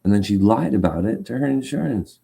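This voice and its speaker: A man's voice: fairly low pitch, expressive, fairly quick, creaky, dark tone, breathy edge. A man telling a long personal story in a rambling, agitated way, full of restarts and acted-out quotes. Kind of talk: casual rant.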